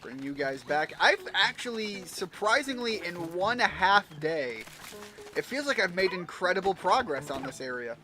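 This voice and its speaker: A man's voice: high voice, sing-song, normal speed, noisy background. A man giving casual, rambling let's-play commentary while he plays a video game, joking and swearing now and then. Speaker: gamer playing a video game. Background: game music.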